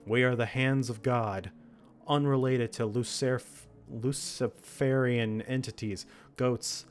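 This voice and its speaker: A man reading the lines of a cold, judging entity made of many hands, in slow, solemn pronouncements. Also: mid-range voice, fairly even intonation, natural voice.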